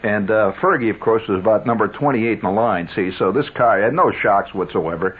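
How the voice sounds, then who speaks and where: A man's voice: on the low side, fairly quick, husky. A man telling a wry, rambling story as a radio storyteller, with lots of asides to his listeners. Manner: wry, animated, digressive. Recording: narrow phone-like 1970s radio sound.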